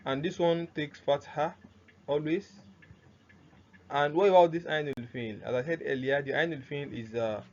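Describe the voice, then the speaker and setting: Male teacher, slightly raised pitch, rhetorical quizzing style, slow repetitions; dull lo-fi recording. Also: darkish tone. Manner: asks rhetorical questions, repeats words slowly. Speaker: Arabic grammar teacher. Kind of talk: recorded lesson. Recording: dull lo-fi recording with faint noise.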